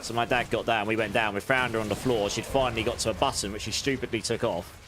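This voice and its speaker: A man's voice: on the low side, fairly even intonation, fast, music in the background. A British man streaming and chatting casually with viewers, in a rambling, friendly way with frequent restarts. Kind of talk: casual livestream chat.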